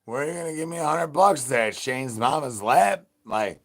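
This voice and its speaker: A man's voice: medium pitch, animated, moderate pace. A man performing a rowdy, crude, hungry male zombie in an improvised comedy rant, rambling through sing-song nonsense rhymes. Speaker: comedy channel host.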